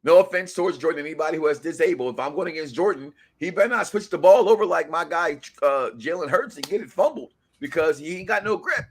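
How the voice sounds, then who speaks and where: Animated high-voiced man hosting. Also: fast talker, hardly any pauses, breathy edge. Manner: animated, joking, swings between loud and soft. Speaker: co-host of a reality show review. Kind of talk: live-stream chat.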